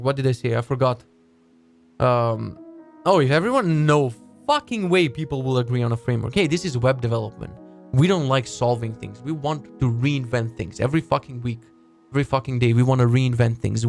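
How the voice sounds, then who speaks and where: A man streaming casually, his talk full of swearing and sarcastic rants. His pitch sits in the middle for a man. Faint music runs under his voice. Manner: profane, ranting, sarcastic. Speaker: livestream host. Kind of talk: casual live-stream chat.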